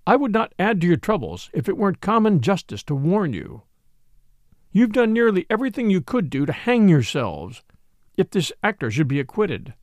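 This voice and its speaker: Man reading as Father Brown, quiet priest. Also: sits high, no echo, studio quality. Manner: quiet, measured, gently pointed. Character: little mild shrewd male Catholic priest.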